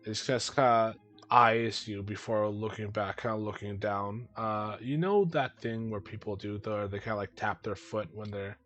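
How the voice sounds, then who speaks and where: A man with a fairly low voice narrates a tabletop role-playing game as game master. He talks casually, with plenty of "um" and "uh" as he describes the scene. Quiet music plays behind him. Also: fairly even intonation, normal speed. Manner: casual, filler-heavy narration.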